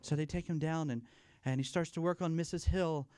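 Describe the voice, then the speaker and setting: A man telling corny jokes and a long shaggy-dog story at a church family night, playful and self-deprecating, pausing for laughs. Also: on the high side, fairly even intonation, darkish tone, clear, resonant tone, no room sound. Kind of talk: stand-up style corny jokes. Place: church fellowship event, live.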